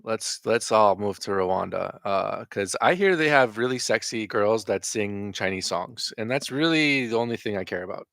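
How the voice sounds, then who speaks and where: A man's voice: lowish voice, lively intonation, normal speed, gravelly, few pauses, a bit bright, no room sound, studio quality. A man hosting reaction commentary, answering clips with profane, sarcastic rebuttals.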